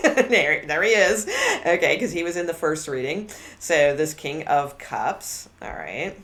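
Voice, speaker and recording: A woman's voice: lowish voice, a bit bright. A woman doing a live tarot reading, candid and blunt, rambling through many restarts. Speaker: tarot reader.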